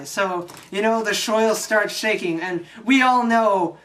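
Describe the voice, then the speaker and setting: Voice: mid-range voice, unhurried, few pauses, fairly bright tone. A young adult channel host casually recapping a movie, rambling and swearing often. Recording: distant mic with faint hiss.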